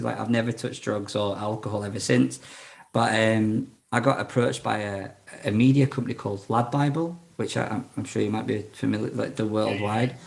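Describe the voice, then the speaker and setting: Low gravelly man, rambling. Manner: rambling, frank, many fillers and restarts. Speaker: podcast guest. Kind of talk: casual storytelling interview.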